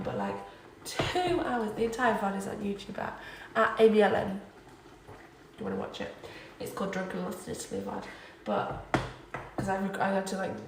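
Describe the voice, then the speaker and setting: Late at night in a student flat kitchen, a drunk young Englishwoman livestreams, chatting, rambling and repeating herself. Her mid-range voice is gravelly and far from the mic, with a slight hiss or hum. The room echoes, and at times she drifts off-mic.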